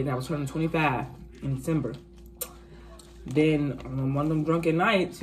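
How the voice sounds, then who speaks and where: Lively young woman telling a story. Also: low-pitched, a little fast, soft background music. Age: 20s. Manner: animated, profane, acts out quotes. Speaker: vlogger. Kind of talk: casual storytime chat.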